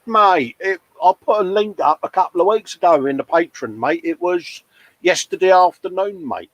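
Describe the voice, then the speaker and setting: A man's voice: fairly high pitch, animated, measured pace, fairly bright tone, no echo, low-quality recording. A man hosting a live stream from his hobby bench, chatting casually, reading out viewer comments and laughing at himself. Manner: chatty, self-mocking, laughs often, calls people mate. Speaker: host of a live model-painting stream. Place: hobby workbench at home.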